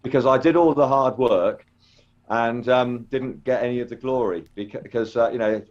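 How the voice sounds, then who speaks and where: A man's voice: medium pitch, normal speed. An older man telling stories in a casual interview, rambling with many ums and restarts. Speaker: interview guest, former children's TV actor. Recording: dull lo-fi call audio.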